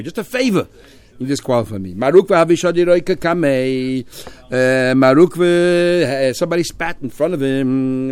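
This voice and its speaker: Fast-talking man teaching Talmud. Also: mid-range voice, a little mellow. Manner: rapid, translating Aramaic phrase by phrase. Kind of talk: Talmud class explanation.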